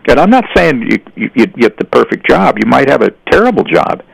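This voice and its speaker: A man's voice: medium pitch, very animated, fairly quick, gravelly, breathy edge, no room sound, rough recording. An older man telling folksy stories in a rambling conversational way, often restarting his sentences. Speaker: guest. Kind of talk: storytelling in casual conversation.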